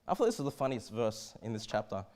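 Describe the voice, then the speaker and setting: A man with an Australian accent preaching a sermon in a church, conversational and animated, often stammering and restarting his sentences. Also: fairly low pitch, quick pace. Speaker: pastor.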